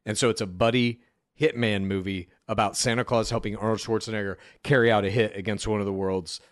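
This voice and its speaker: A man co-hosting a podcast in casual chat, easygoing, laying out ideas like a story pitch. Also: steady tone, brisk, dry recording, clean studio sound. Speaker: podcast co-host.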